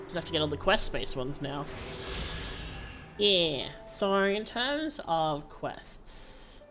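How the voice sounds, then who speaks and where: A woman's voice: deep voice, big pitch swings, slow pace, a bit bright, soft background music. A woman streaming a game, chatting casually in a rambling way with the odd swear word.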